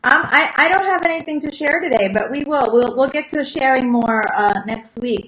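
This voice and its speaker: A woman's voice: high-pitched, normal speed, hardly any pauses, fairly bright tone, reverberant, slight background noise, poor audio. A woman co-hosting a podcast in casual, rambling chat, with lots of restarts. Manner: chatty, rambling, many restarts. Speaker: podcast co-host.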